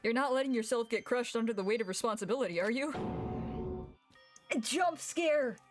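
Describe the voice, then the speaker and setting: Woman, streamer, reads game text aloud, swears and laughs in bursts, somewhat high voice, quiet music underneath. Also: very fast. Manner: reads lines aloud, then swears and laughs in loud shocked outbursts.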